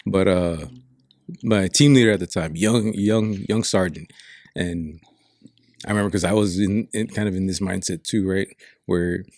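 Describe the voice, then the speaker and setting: Gravelly deep-voiced man from Saipan. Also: moderate pace, a little mellow, dry recording, clean studio sound. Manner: profane, frank, reflective. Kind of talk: casual storytelling.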